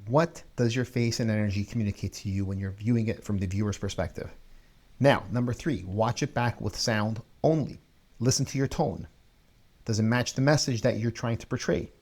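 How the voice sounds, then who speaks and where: A man's voice: fairly low pitch, normal speed, darkish tone. A man hosting a video coaching show, talking energetically and stressing key words as he teaches. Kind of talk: energetic instructional talk.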